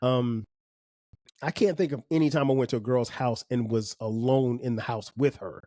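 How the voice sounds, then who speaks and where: A man in his forties hosting a podcast, telling stories in a relaxed, conversational way with slang and chuckles. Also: mid-range voice, normal speed, no room sound, studio quality. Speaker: podcast host. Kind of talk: casual storytelling monologue.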